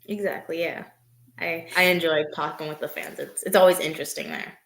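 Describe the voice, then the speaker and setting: A young woman wrestler answering interview questions in a soft, hesitant way, with many fillers. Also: deep voice, steady tone, brisk, creaky, roomy sound, slight background noise. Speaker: wrestler guest.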